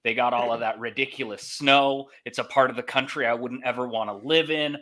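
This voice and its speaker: Sarcastic, mock-baffled man with a bright voice. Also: mid-range voice, fairly even intonation, a little fast. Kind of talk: casual panel chat.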